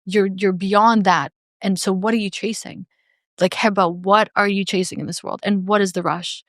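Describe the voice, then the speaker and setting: A woman's voice: medium pitch, fairly even intonation, moderate pace, no room sound, clean studio sound. A woman speaking as a podcast guest in a candid, earnest and reflective way, with frequent "like" fillers.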